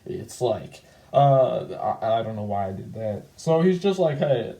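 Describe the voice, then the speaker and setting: This channel host has a lowish, gravelly, warm voice with a sing-song quality and a measured pace. He talks through his old comic in loose, rambling video commentary full of "like", fillers, restarts and self-corrections, recorded roughly in an echoey room.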